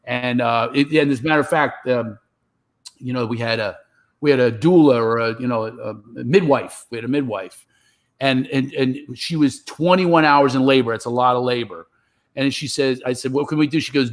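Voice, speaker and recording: A man's voice: mid-range voice, brisk. A middle-aged man, a stand-up comedian, telling stories on a live stream and acting out his own reactions.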